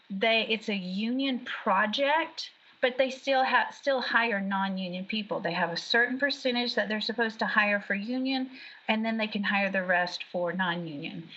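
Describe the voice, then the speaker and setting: Chatty woman guest, lively storyteller, bright forceful voice, dull lo-fi recording. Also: medium pitch. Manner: chatty, animated storyteller who laughs often. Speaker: guest, background actor. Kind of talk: casual interview chat. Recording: dull lo-fi sound.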